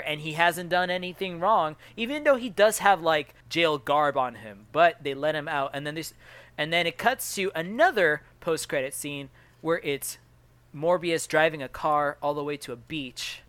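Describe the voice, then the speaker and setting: A man with a bright, forward voice tells a film's plot to his co-hosts, stopping and restarting his sentences as he goes. The sound is dry and close to the mic, with no room around it. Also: on the high side, lively intonation, moderate pace, clear, resonant tone, no echo. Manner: rambling, self-interrupting storyteller. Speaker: podcast co-host. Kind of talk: casual chat, recapping a movie.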